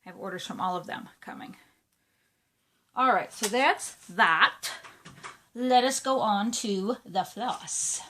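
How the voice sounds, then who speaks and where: Showing her crafting supplies in a relaxed show-and-tell, this woman cross-stitch vlogger talks slowly and pauses often in a mid-range, somewhat bright voice. She gushes chattily with plenty of fillers, and there's a faint hiss or hum in the background.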